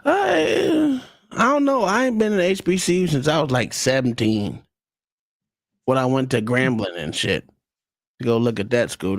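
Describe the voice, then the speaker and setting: A man hosts a loose, profane livestream chat. His pitch swings widely as he talks. The mic is close and dry. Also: creaky, no room sound. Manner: loose, profane, laughing a lot. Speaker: livestream host. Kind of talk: casual podcast chat.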